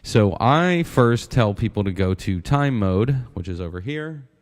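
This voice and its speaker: A man's voice: fairly low pitch, lively intonation, unhurried. A man giving a casual synth tutorial, counting steps aloud and often asking "right?". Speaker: synth instructor.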